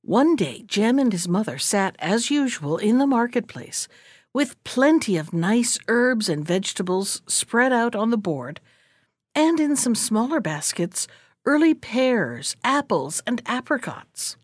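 Woman storyteller, unhurried and expressive, close dry sound. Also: on the high side, no room sound. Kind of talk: storybook read-aloud.

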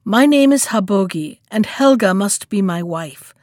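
A woman voicing a rough old peasant man who answers calmly and firmly, close to her own voice. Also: medium pitch, a little slow, no room sound, natural voice.

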